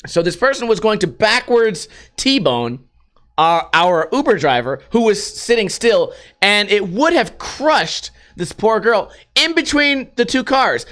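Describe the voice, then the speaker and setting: High-voiced profane podcast host. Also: male voice, a little slow. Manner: profane, animated retelling with acted-out quotes. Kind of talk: casual storytelling and news commentary.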